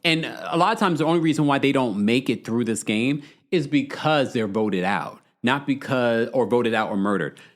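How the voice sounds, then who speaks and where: A man's voice: medium pitch, lively intonation, normal speed, hardly any pauses. A man hosting a livestream, chatting casually, bluntly ranting and reading viewer comments aloud. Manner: blunt, exasperated rants. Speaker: podcast host.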